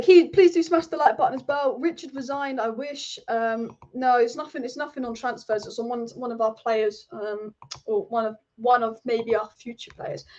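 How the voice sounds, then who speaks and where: Young woman, football stream host, blunt and chatty; slightly high voice, dull lo-fi sound. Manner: chatty, blunt opinions, reads out viewer comments. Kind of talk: live-stream football chat.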